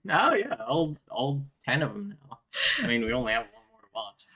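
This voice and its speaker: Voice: mid-range voice, sing-song, a little fast, fairly bright tone. A co-host of a live stream chatting casually, joking and often laughing. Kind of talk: casual chat.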